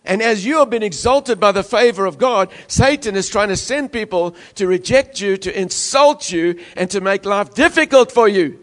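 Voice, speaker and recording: High-voiced male pastor, impassioned sermon delivery, big swings from loud to hushed. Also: lively intonation, normal speed, few pauses. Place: church.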